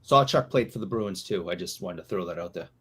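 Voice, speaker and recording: A man's voice: sits low, lively intonation, a little fast, fairly bright tone, slightly rough. A man co-hosting a casual chat, making short, dry remarks. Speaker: co-host.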